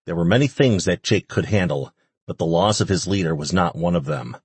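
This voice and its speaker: A man reading a fantasy audiobook in steady scripted narration. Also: low-pitched, brisk, breathy edge, no room sound.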